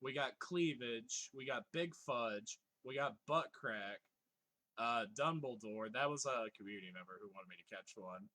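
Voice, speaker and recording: Bright-voiced man streaming a game. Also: medium pitch, normal speed. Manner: swears freely, laughs often, joking exasperation. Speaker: live streamer. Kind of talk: casual gameplay commentary, reading chat aloud.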